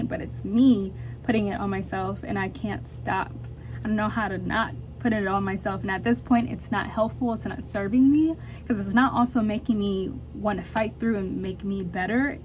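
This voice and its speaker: A young woman talking straight to her camera in a confessional vlog. She is candid and halting, pausing to find her words. Her voice sits in an ordinary middle pitch. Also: darkish tone. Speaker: vlogger.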